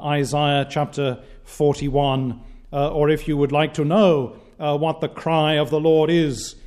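A man preaching a sermon in a measured, declamatory way, with frequent "uh" pauses between phrases. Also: a little high, darkish tone.

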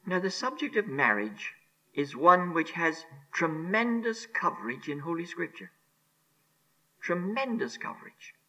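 A male preacher delivering a sermon at a slow, weighty pace. His voice is bright and a little high, and it rises and falls widely as he stresses each phrase. He repeats key words and often drops to a hushed near-whisper. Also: very animated, rough recording. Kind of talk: expository sermon.

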